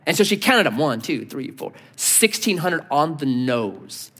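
A man preaching as pastor, telling stories with animated delivery and acting out the people he quotes. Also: a little high, measured pace. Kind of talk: sermon. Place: church sanctuary. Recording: long hall reverb.

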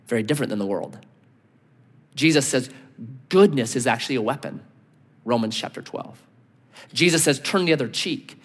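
A man preaching as pastor, telling stories with animated delivery and acting out the people he quotes. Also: fairly high pitch. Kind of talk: sermon. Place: church sanctuary. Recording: long hall reverb.

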